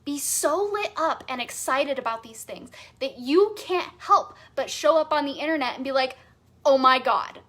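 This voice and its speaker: A woman's voice: high-pitched, expressive, moderate pace, few pauses, a bit bright. A woman coach teaching a live masterclass, enthusiastic and emphatic, repeating phrases for stress with casual fillers. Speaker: sales and human design coach.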